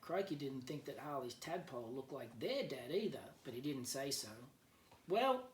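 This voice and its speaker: Teacher reading a picture book aloud. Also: male voice, mid-range voice, lively intonation, normal speed, recorded from a distance. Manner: gentle storyteller who explains words for kids. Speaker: teacher, guest reader. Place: at home, remote learning. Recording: echoey room, voice off-mic, faint background.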